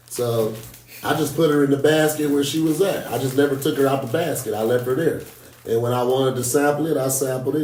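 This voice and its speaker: A man's voice: mid-range voice, a little hiss or hum. Slangy man talking in an echoey room. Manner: animated, slangy, quick asides. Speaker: podcast panelist. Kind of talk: casual group chat. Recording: echoey room, far from mic.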